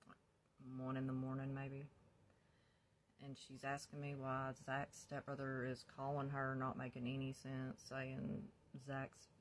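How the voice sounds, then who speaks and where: A woman's voice: very deep voice, completely flat delivery, unhurried, slight background noise. A woman casually telling her own life story, candid and blunt, swearing freely and laughing often. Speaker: vlogger sharing her recovery story.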